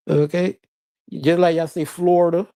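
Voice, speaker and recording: A streamer laughing through easy banter with chat, speaking at an unhurried, drawn-out pace. The voice sits mellow and dark, close and dry with no room around it. It sounds loose and playful, full of chuckles between remarks. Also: mid-range voice, level tone, creaky, dry recording. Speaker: livestreamer reading chat. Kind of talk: casual livestream chat.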